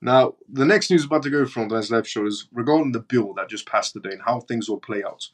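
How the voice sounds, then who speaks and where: A man's voice: mid-range voice, fast talker. A man with a British accent hosting a live stream, reading news and viewer comments aloud in a blunt, mocking way. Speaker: crypto livestream host.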